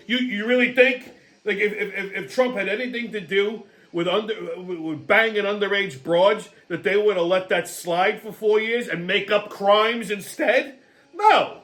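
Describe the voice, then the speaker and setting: A man's voice: sits high, a bit bright. A man hosting a casual political commentary show, ranting with heavy profanity and frequent restarts. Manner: profane, ranting, repeats himself. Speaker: host.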